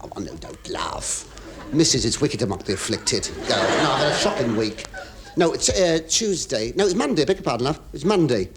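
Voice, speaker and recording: An English comedian hosting a radio show, telling a rambling monologue full of stammers, asides and confiding remarks to the audience. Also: male voice, mid-range voice, big pitch swings, fairly quick. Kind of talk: stand-up comic monologue to a studio audience. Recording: hissy 1970s radio recording.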